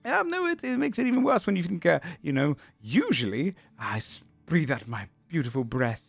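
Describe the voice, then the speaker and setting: A man voicing a nervous, excitable male dragon who frets and stumbles over his words. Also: on the high side, normal speed, gravelly, no echo, faint music behind, pitched above the performer's own voice, exaggerated voice.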